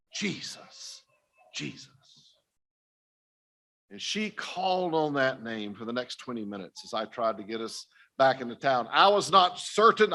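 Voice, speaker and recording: A man's voice: on the high side, sharp tone. An older man giving an earnest personal testimony talk to a conference audience, speaking directly to his listeners. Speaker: missionary speaker. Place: conference stage.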